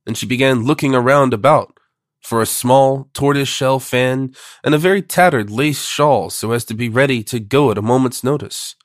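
A man reading a story aloud in a measured, even storytelling manner. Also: mid-range voice, no room sound, studio quality. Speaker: narrator. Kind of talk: audiobook reading.

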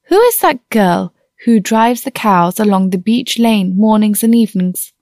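A woman reading the part of a cheerful, outspoken young woman in an audiobook, bright and breezy. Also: medium pitch, lively intonation, unhurried, no room sound, clean studio sound. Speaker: niece.

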